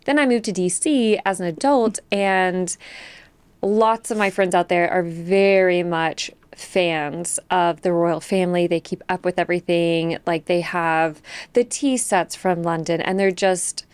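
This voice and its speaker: Woman host, lively and curious, smooth clear voice, dry close sound. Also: lowish voice, measured pace, dry recording. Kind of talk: casual chat.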